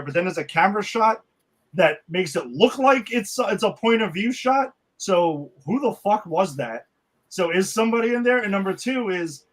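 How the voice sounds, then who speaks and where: Male podcast co-host, higher-pitched, loose and rambling, casual film chat. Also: a bit bright. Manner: rambling, questioning, swears casually.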